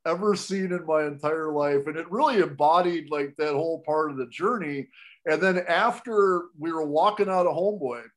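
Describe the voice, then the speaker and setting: Animated man telling a story, pitched a bit high. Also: moderate pace. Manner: animated, with frequent restarts and laughs. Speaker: guest storyteller. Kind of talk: conversational podcast storytelling.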